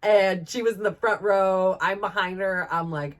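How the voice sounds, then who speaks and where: A woman's voice: medium pitch, moderate pace, a little hiss or hum. A woman in her thirties telling a casual story as a podcast host, rambling with lots of "like" and "um" and laughing often.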